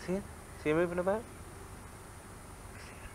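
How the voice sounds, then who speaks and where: A man's voice: sits high, moderate pace, long pauses, background noise. A man filming a home video on a camcorder, talking playfully and coaxingly to his toddler at home. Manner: coaxing, teasing, animated. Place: family home. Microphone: camcorder microphone.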